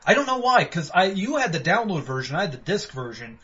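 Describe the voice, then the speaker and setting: A man co-hosting a game review podcast, talking in an animated way and swearing freely. His voice sits fairly high for a man. The audio is dull and lo-fi. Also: fast talker, crowd noise. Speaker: podcast co-host. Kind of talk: casual game review chat.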